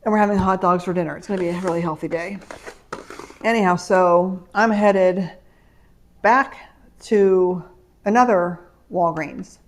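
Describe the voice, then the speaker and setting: A middle-aged vlogger chats casually at home on camera about a shopping haul, rambling from one story to the next. Her voice sits fairly low, her pace is measured, and she pauses often. The audio comes from the camera mic.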